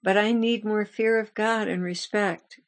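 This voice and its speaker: Gravelly-voiced woman giving a devotional message. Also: medium pitch, steady tone, a little slow. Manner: earnest, confessional storytelling. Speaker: ministry host.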